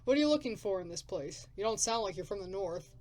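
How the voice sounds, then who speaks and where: Woman reading a grumbling, gruff male scavenger. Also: mid-range voice, expressive, quick pace, darkish tone, lightly acted. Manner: blunt, grumbling, coarse. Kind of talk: reading game dialogue aloud.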